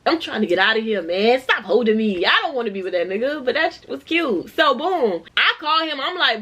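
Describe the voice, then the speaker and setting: Animated twenty-something woman telling a story. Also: on the high side, brisk, few pauses, slightly rough. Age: 20s. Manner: animated, slangy storytelling, addressing viewers. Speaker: vlogger. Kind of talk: storytime vlog.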